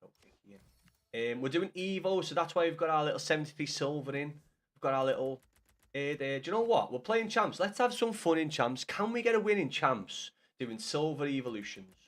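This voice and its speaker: Chatty Scouse man, slightly high voice. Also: lively intonation, moderate pace, fairly bright tone. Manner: chatty, swears freely, talks straight to chat. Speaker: gaming streamer. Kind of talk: casual live-stream chat while gaming.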